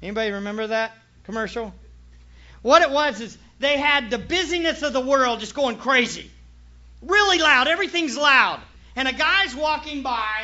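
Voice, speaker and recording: A man preaching a sermon as pastor, emphatic, moving from hushed asides to shouted points. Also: very high-pitched, expressive, normal speed, lo-fi sound.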